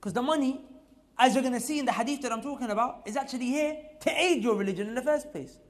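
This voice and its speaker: A man giving a talk in a mosque, with a high voice for a man. He repeats his points and pushes them home with rising force. His delivery swings between quiet asides and loud appeals. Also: quick pace. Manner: emphatic, repetitive, rising to loud exhortation. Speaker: preacher. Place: mosque hall.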